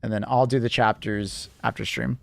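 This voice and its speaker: A young man live-streaming and chatting casually with viewers, rambling with lots of fillers and quick laughs. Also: medium pitch, steady tone, gravelly, a little hiss or hum.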